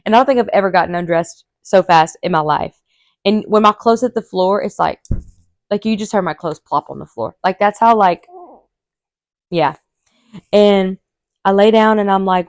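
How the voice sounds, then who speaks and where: A woman, a podcast host telling a story casually and animatedly, acting out quotes in a high voice. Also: normal speed, pauses often, dry recording, clean studio sound.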